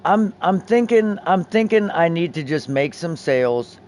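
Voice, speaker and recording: A man's voice: on the high side, unhurried, a little hiss or hum. Brief: young male streamer, casual crafting chatter, swears a lot, keeps restarting his sentences. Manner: profane, excitable, many restarts. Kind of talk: casual game stream chat.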